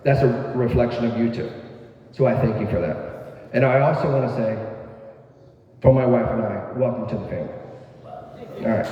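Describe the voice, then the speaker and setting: A middle-aged man, hoarse as his voice gives out, giving a folksy father-of-the-bride wedding toast full of "all right"s. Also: mid-range voice, brisk, pauses often, mellow. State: hoarse, voice going. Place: wedding reception hall. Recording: echoey hall, far from mic, dull sound.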